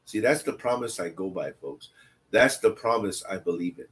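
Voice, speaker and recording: A man's voice: on the low side, lively intonation, moderate pace, fairly bright tone. Man, Bible study teacher, reads scripture aloud, blunt conversational asides, repeats phrases. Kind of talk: scripture reading with casual commentary.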